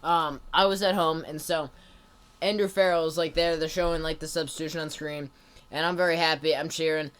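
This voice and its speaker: A man's voice: fairly high pitch, steady tone, fairly quick, fairly bright tone, clear, resonant tone. A man co-hosting a casual sports podcast, breaking down the game with dry jokes. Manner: dry, joking analysis. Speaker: podcast co-host.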